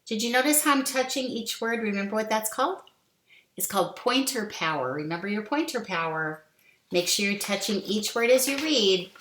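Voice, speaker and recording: A woman teaching a kindergarten reading lesson, reading a simple book aloud slowly and deliberately for young children to follow. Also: medium pitch, animated, fairly bright tone, roomy sound, slight background noise.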